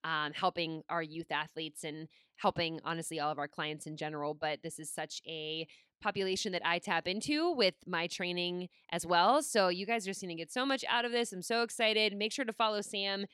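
A woman's voice: fairly low pitch, fairly quick, fairly bright tone, smooth, no echo, clean studio sound. A young woman hosting a podcast in casual chat, enthusiastic and gushing, with a lot of "like". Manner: enthusiastic, gushing, heavy use of "like". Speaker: podcast host and personal trainer.

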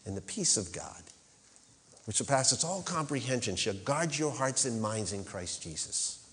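A man's voice: medium pitch, animated, unhurried, a bit bright, in a large hall, a little hiss or hum. A male pastor preaching a sermon, rising to emphatic peaks and calling on the congregation to answer. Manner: rises to emphatic peaks, calls for congregation response.

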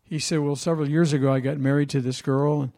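A man's voice: on the high side, level tone, quick pace, mellow. A man preaching a sermon as pastor, telling a story in a conversational way and asking the congregation questions.

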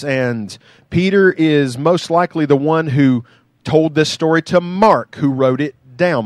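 A man preaching a sermon in a conversational, animated way, with playful asides to the congregation. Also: on the high side, no echo. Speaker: pastor.

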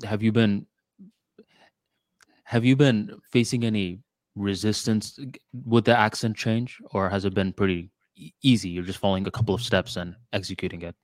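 A podcast host with a low male voice and an American accent, recorded dry and close. He keeps the talk going with curious, casual questions. He came from Bangladesh as a small child. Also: steady tone, moderate pace, no echo. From Bangladesh, raised in the U.S. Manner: curious, asks question after question.

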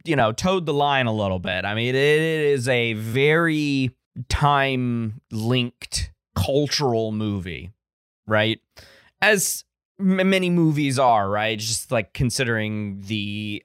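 A male podcast host chatting casually about classic films and wandering off on long tangents with plenty of restarts. His voice is smooth and clear, at a middle pitch. The sound is dry and close. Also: a bit bright, no room sound. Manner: rambling, digressive, many restarts; enthusiastic about old films. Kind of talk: casual film-review chat.

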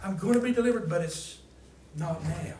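A man preaching a sermon and reading scripture aloud. He asks the congregation to fill in words and swings between loud emphasis and quiet asides. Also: high-pitched, moderate pace. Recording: roomy, distant mic, faint background noise.

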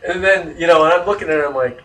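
A man telling a story in casual chat, animated, swearing freely and laughing as he goes. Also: on the high side, racing, roomy sound. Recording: voice distant from the mic.

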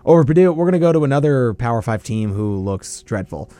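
A man hosting a casual college football talk show, breaking down games with quick asides. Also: mid-range voice, no echo. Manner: lively, animated analysis with quick asides.

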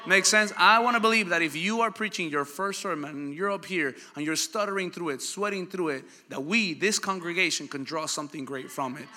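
High-ish guy preaching, chatty stories, keeps asking the crowd stuff. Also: a little fast, hardly any pauses. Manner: animated storytelling, asks the crowd questions. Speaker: pastor. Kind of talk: sermon. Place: church hall. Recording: church hall reverb.

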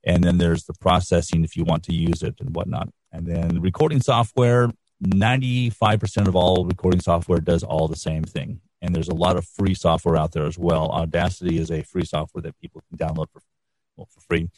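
Deep-voiced middle-aged man, relaxed. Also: fairly quick, no echo. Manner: relaxed, explanatory, folksy. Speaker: guest, radio instructor and podcast producer. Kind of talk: casual interview answers. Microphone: quality studio microphone.

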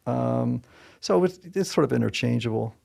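A man's voice: mid-range voice, expressive, moderate pace, creaky, darkish tone. A man from Southern Connecticut co-hosting a podcast, talking in a thoughtful, chatty way with many "you know" fillers. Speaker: podcast co-host. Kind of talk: casual podcast chat.

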